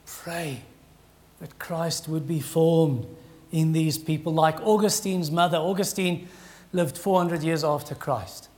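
A man, a pastor preaching an earnest, pleading sermon with dramatic pauses. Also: fairly high pitch, steady tone, darkish tone.

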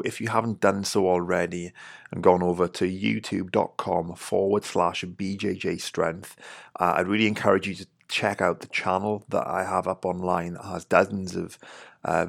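In a loose, chatty podcast conversation, an English man in his thirties serves as host, rambling and saying "you know" a lot. His voice is low and creaky, and the sound is clean studio quality with no echo.

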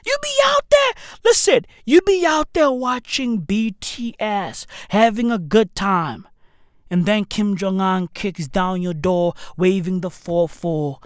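A woman doing a profane comedy rant in a slangy street-bro manner, with shouted bursts. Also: medium pitch, slow, no echo. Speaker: comedic news commentator.

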